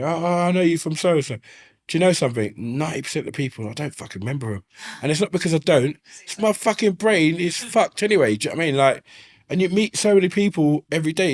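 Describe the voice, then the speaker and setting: A man, telling stories in a casual interview, swearing freely and often asking "you know what I mean". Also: on the high side. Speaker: interview guest. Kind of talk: casual storytelling. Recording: slightly faulty audio.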